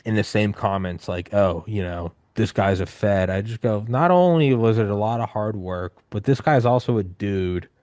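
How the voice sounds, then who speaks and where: A man in his thirties hosting a podcast, telling stories in a loose, rambling, animated way with casual swearing. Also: fairly low pitch, normal speed, hardly any pauses, no echo, studio quality. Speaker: podcast host. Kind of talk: casual conversational storytelling.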